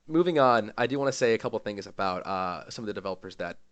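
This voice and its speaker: A man streamer giving an emotional, rambling farewell to his gaming community, with lots of fillers and pauses. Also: lowish voice, animated, fairly bright tone, clear, resonant tone, dry recording. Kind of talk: heartfelt farewell vlog.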